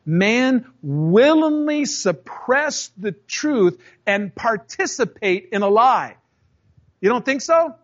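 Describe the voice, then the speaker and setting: High-voiced pastor preaching in a conversational, storytelling way. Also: male voice, sing-song, takes it slowly, highs cut off. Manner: storytelling, acts out voices in anecdotes; conversational, addresses the congregation directly. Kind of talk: sermon.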